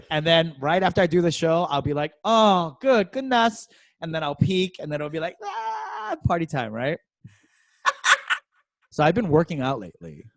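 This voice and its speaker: A man's voice: a little high, expressive, moderate pace, pauses often, fairly bright tone, no echo. A young man co-hosting a comedy podcast, telling a story in casual chat, laughing often and acting out quotes in exaggerated voices.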